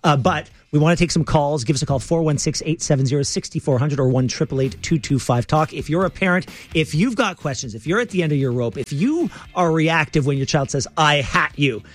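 A man's voice: on the high side, animated. A man hosting a radio talk show, eager and upbeat, reading call-in details to listeners. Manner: eager, upbeat, lots of quick agreeing.

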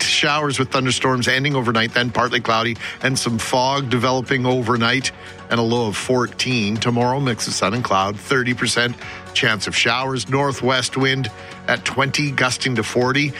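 A man's voice: medium pitch, bright, forceful tone. A man co-hosting a morning radio show, reading the weather and listener texts in a wry, self-deprecating way. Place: radio studio. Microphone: studio microphone.

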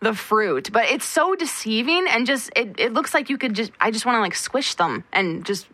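A woman's voice: fairly high pitch, animated, moderate pace, sharp tone, no echo. A woman co-hosting a radio show, chatting with many fillers and a note of mock disgust. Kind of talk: casual on-air chat.

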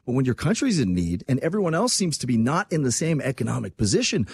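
A man from Quebec giving casual political commentary on his own program, animated and sarcastic. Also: mid-range voice, slightly rough, dry recording. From Quebec, Canada. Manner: animated, sarcastic, quick asides.

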